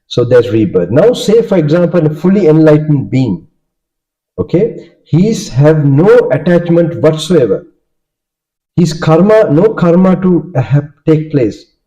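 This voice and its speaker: Man, Sri Lankan accent, Buddhist monk teaching, questioning manner, deep mellow tone, dull lo-fi sound. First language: Sinhala. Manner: checks understanding with frequent "okay?" and "right?". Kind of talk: dharma talk with questions to listeners. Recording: dull lo-fi recording.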